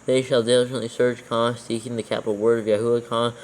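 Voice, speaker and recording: Man, level monotone delivery, reads verses and punctuation aloud, faint room noise. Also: mid-range voice, quick pace, poor audio. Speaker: proofreader reading scripture aloud. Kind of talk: casual proofreading session, dictating punctuation.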